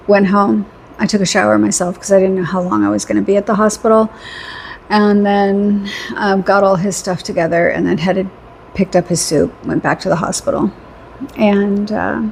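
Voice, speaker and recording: A woman's voice: medium pitch, vocal fry, a little mellow, slight background noise. A middle-aged woman telling a rambling story in a casual vlog, chatty, laughing often and repeating phrases for emphasis. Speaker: vlogger.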